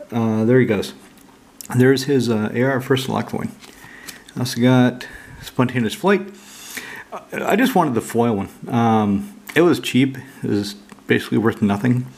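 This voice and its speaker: Gravelly, foul-mouthed man chatting. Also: mid-range voice, a little mellow. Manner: rambling, profane and blunt. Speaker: card collector opening mail. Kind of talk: casual chat.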